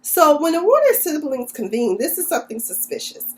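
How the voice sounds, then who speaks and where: A woman with a somewhat high-pitched voice talks through a TV episode in a casual vlog recap. Her retelling is chatty and slangy, peppered with sassy asides about the characters. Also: very animated, a little fast. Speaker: TV recap vlogger.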